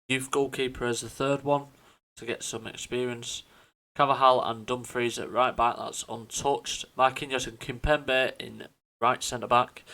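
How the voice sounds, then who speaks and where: A man's voice: mid-range voice, a bit bright. A man giving casual, chatty commentary over a football management game, often stumbling over names and correcting himself. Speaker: gaming YouTuber.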